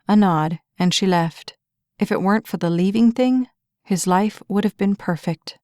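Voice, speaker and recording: A woman narrating a romance novel as an audiobook, telling the story in an even, clear way. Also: mid-range voice, no echo, clean studio sound.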